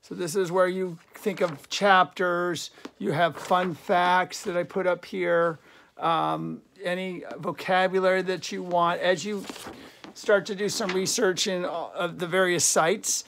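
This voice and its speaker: A man's voice: high-pitched, fairly even intonation, a little slow, creaky, fairly bright tone, a little hiss or hum. A middle-aged male teacher giving a recorded class lesson, chatty and jokey, with lots of fillers and restarts.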